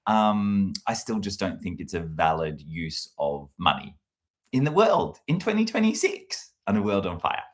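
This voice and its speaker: A man's voice: deep voice, very animated, a little slow. A man, a comedy content creator talking casually to camera in a rambling, reflective way, full of fillers and restarts. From Australia.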